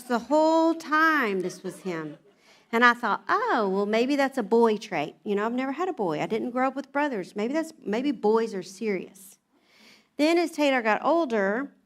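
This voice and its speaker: A middle-aged woman with a Southern accent tells stories at a church gathering. Her voice sits a little high, and her delivery is chatty and humorous as she acts out family conversations. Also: a bit bright. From American South. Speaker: speaker at a church women's event. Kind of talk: storytelling talk to an audience.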